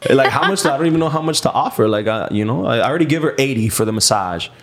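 A man's voice: medium pitch, lively intonation, racing. Laid-back slangy man telling a story. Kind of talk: casual storytelling chat.

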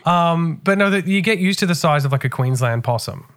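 A man's voice: on the high side, expressive, fairly quick, fairly bright tone. A man with an Australian accent hosting a podcast, chatting casually in a joking, playful, sweary storyteller's way. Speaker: podcast host. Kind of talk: casual chat.

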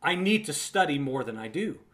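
A man's voice: a little high, sing-song, moderate pace, background noise. A man giving a recorded Bible teaching, emphatic and conversational, repeating words for emphasis and calling the listener friend.

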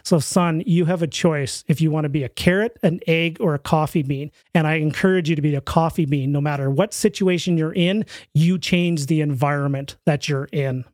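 A man's voice: fairly high pitch, normal speed, hardly any pauses, no room sound. A man telling a story as a podcast guest in a casual interview, acting out the voices in it. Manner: animated storyteller, acts out quoted voices.

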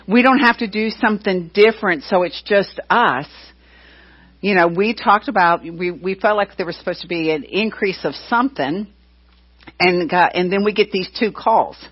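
Middle-aged woman chatting from the pulpit, kinda husky, muffled lo-fi sound, keeps saying you know. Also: mid-range voice, normal speed. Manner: chatty storyteller, full of "you know" and retold dialogue. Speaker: church leader. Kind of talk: casual announcements from the pulpit. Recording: dull, muffled lo-fi recording.

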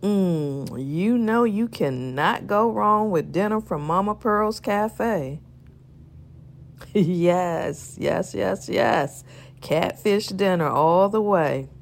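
A woman voices a devout, warm churchgoing wife in an audio drama. She speaks in a slow, unhurried sing-song, dotting her lines with soft hums of agreement. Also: mid-range voice, animated, vocal fry, full character voice. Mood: playful.

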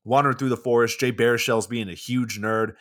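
A man's voice: medium pitch, steady tone, brisk. A man in his twenties co-hosting a podcast, casually recapping a film's plot with plenty of swearing and filler words. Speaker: podcast co-host.

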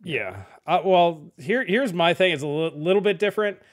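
A middle-aged man hosting a casual tech podcast, laid-back and often trailing off quietly at the ends of sentences. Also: high voice, expressive, normal speed. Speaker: podcast host.

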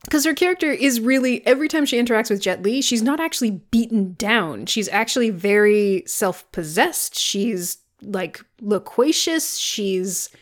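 Sarcastic, animated woman co-host. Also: on the high side, moderate pace, hardly any pauses. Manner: sarcastic, animated storytelling with swearing. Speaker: podcast co-host. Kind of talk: casual chat reviewing a film.

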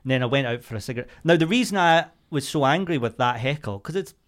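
A young man, a comedian co-hosting a podcast, telling a story in casual chat, animated and sweary, jumping into loud mocking voices. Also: mid-range voice, fast talker.

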